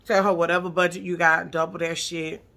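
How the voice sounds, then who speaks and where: A woman with a gravelly, fry-laden voice and a bright, sharp tone recaps a reality show episode. She talks casually and bluntly, with plenty of profanity and sass. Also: on the low side, level tone, a little fast. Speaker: TV recap vlogger.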